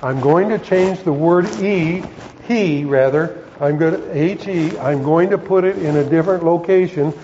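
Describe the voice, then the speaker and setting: A man's voice: a little high, mellow, lo-fi sound, a little hiss or hum. A man, a pastor teaching a Bible lesson to his congregation, explaining words one at a time and often stopping to correct himself. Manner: halting, self-correcting, explaining word by word.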